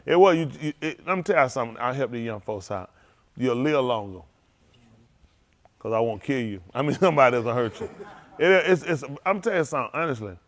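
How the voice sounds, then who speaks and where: A man, a preacher telling loose, animated stories to his congregation, laughing often and repeating himself as he goes. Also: medium pitch, brisk. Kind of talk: loose storytelling sermon.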